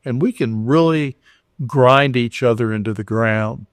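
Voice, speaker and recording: A man's voice: medium pitch, unhurried, dry recording. An older man from Houston, Texas, talking earnestly as a podcast guest, with frequent restarts and acted-out dialogue. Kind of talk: conversational storytelling.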